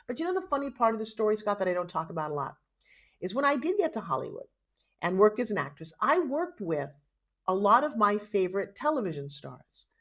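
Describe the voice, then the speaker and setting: Middle-aged woman, New York accent, lively motivational storyteller, podcast guest. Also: mid-range voice. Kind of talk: interview storytelling.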